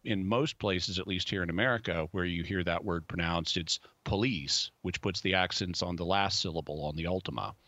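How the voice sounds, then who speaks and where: A man serves as guest expert on a radio show, explaining ideas carefully and thoughtfully. He pauses often with um and uh. His voice is low-pitched but bright and forceful, and it sounds dry and close to the mic. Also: no room sound, muffled recording.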